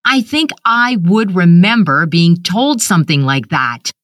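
A woman's voice: on the low side, lively intonation, measured pace, a bit bright, no echo, studio quality. A woman reading a shaken grown son. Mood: urgent. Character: man, shaken grown son, pressing questions.

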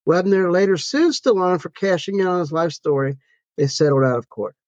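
A man co-hosting a faith-based podcast, chatting and reading trivia facts aloud in a measured, matter-of-fact way. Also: sits high, animated, a little mellow, dry recording. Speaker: podcast co-host and counselor. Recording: dull lo-fi sound.

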